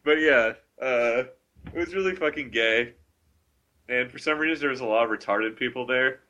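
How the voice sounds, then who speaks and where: A man's voice: mid-range voice, normal speed, bright, forceful tone, muffled recording. A young man telling a story in casual chat, rambling with many fillers and crude jokes.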